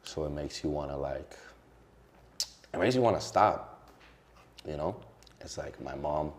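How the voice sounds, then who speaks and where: Very deep-voiced young man, candid. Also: measured pace, pauses often, slight background noise. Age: young adult. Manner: emotional, casual, heavy on fillers. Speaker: social media creator as guest. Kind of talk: candid interview conversation.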